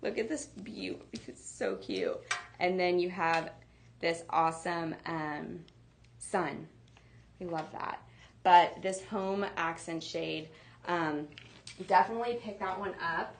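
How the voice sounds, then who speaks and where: A woman's voice: lowish voice, slow, gravelly, slight background noise. A woman hosting a live home decor shopping show, chatting casually with lots of fillers as she demonstrates products.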